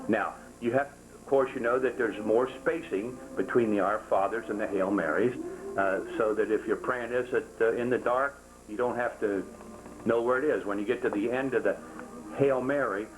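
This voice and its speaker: A man's voice: fairly low pitch, normal speed, music in the background, poor audio. An older man demonstrating how to make a rosary to a small class, folksy and jokey, repeating himself and counting steps aloud. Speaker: rosary-making instructor. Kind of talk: hands-on craft demonstration.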